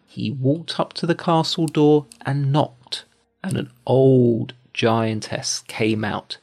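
An older man reading a bedtime fairy tale aloud in a calm, measured way. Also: medium pitch, vocal fry. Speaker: storyteller.

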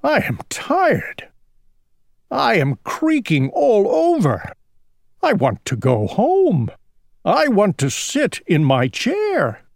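A woman voicing an old, creaky, fretful elephant king in a storybook who whines and complains. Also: deep voice, very animated, drawn-out words, few pauses, no room sound, studio quality, heavily acted. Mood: complaining. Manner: whiny, complaining cries.

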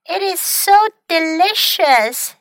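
A woman voicing a timid, wide-eyed female country mouse with a soft, wondering manner, in an audiobook story. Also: very high voice, expressive, slow pace, dry recording, clean studio sound, pitched above the performer's own voice, heavily acted. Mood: delighted. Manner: soft, wondering, easily frightened.

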